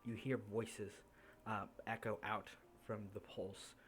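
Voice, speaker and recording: A man's voice: on the low side, flat delivery, slow pace, fairly bright tone, a little hiss or hum. A man narrating as game master in a casual, filler-heavy way, laughing at his own slips. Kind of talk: narrating a tabletop game over voice chat.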